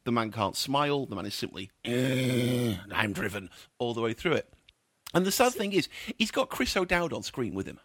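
A man's voice: medium pitch, big pitch swings, brisk, a bit bright, no echo. A male film critic, trading casual chat about a film he disliked. His verdicts are scathing and opinionated. The voice sits mid-range and is recorded close and dry, with no room sound.

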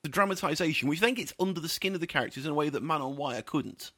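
A man's voice: a little high, quick pace, bright, forceful tone, no echo. Dry, scathing male film critic. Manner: scathing and opinionated. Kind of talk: casual radio chat reviewing a film.

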